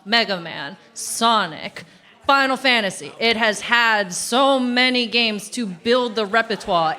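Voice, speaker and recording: A woman giving her opinion as a juror at a comedy panel, measured and deliberate. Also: fairly high pitch, pushed and bright. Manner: measured, deliberate, laughs easily. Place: convention panel room before a live audience.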